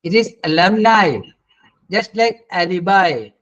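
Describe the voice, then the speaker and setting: A middle-aged man with an Indian English accent leads an online pronunciation lesson in a high voice. He is patient and corrective, often pausing to search for words. The webinar audio is dull and lo-fi. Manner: patient, corrects students, many hesitant fillers. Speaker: English teacher. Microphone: video call.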